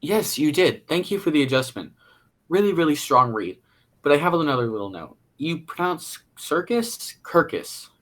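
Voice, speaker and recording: A man playing a bright, anxious casting director. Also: a little high, lively intonation, moderate pace. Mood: polite. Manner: polite, then pleading and exasperated. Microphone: video call.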